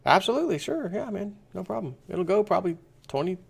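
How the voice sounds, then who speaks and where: A man's voice: high voice, big pitch swings, quick pace, gravelly, slightly rough, voice pushed up, exaggerated voice. A man voicing an eager, agreeable young man who chats in a breezy, upbeat way.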